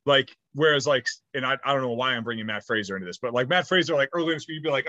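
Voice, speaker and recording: Casting note: man in his thirties, bright forward voice, loose animated podcast chatter, dry close mic. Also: mid-range voice, racing, hardly any pauses, no echo, highs cut off. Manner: rambling, animated storytelling with swearing. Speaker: podcast co-host. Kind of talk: casual chat.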